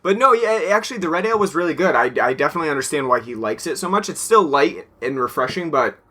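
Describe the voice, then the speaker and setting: Laid-back young man, bright voice, laughs a lot. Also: fairly high pitch, expressive, quick pace. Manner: laughs often, loose and rambling with fillers. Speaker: podcast co-host. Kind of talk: casual chat.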